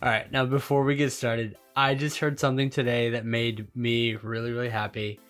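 A man's voice: mid-range voice, level tone, normal speed, a bit bright, soft background music. A man co-hosting a podcast, chatting casually and joking with his wife. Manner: joking, conversational. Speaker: podcast co-host. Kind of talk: casual chat.

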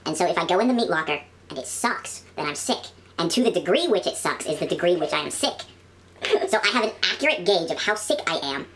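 A woman with a somewhat low voice tells animated stories in a casual studio chat, often dropping to quiet, mumbled asides. She is recorded close on a studio microphone, a faint hiss underneath. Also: fast.

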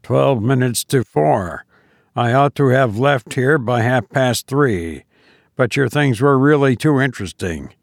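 A low, smooth voice gives a pale stranger who gloats over danger, done by a male narrator. He is polite on the surface and sinister underneath. The recording is dry. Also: unhurried, no room sound. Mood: sly.

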